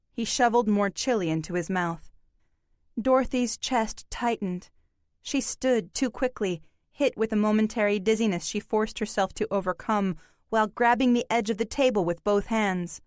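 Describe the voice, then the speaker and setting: In this scripted audiobook narration, a woman reads at an even, measured pace. Her voice sits in the mid-range, with no room sound and a clean studio finish.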